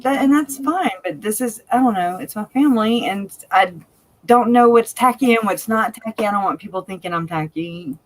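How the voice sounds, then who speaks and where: A woman's voice: mid-range voice, moderate pace, dry recording, poor audio. Hesitant self-conscious woman co-host. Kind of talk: casual live-stream chat.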